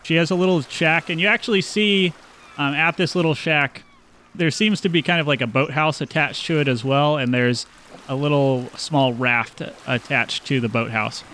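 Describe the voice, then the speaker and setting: A man narrating a tabletop game as game master, describing scenes in a relaxed way. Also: a little high, moderate pace, a little hiss or hum.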